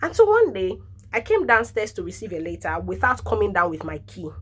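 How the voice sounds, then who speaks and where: A Nigerian woman in her thirties, a nurse, telling animated stories in a casual vlog, laughing often and dropping in pidgin interjections. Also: mid-range voice, brisk, husky. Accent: Nigerian English.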